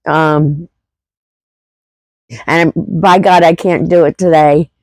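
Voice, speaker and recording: A middle-aged woman shares a personal story at an unhurried pace. She rambles warmly, with fillers and restarts, recorded close and dry. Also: low voice, steady tone, no echo, rough recording. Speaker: homesteading vlogger.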